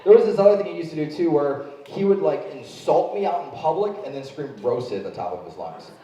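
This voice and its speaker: A man performs stand-up on a club stage, telling stories animatedly and breaking into shouted kid voices. His voice sits high and swings widely in pitch. The live recording is roomy and heard from a distance. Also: very animated, a little fast, lo-fi sound, slight background noise. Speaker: stand-up comedian. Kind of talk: stand-up set. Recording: echoey live room from far off.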